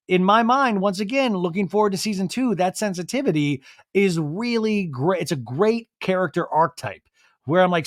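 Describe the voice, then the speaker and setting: A man recapping a reality show on his podcast, with a slightly high voice. He talks in a loose, animated way and keeps jumping into quick impressions of the cast. The sound is dry and close, with no room around it. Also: no echo. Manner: chatty, animated, mimics people he quotes. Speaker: podcast host.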